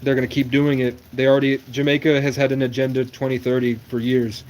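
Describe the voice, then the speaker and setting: A young man from New England talks through a long, rambling livestream monologue. He jumps between conspiratorial topics in a flat, even voice. A faint noise sits under his speech. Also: medium pitch, quick pace. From New England, USA. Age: 20s.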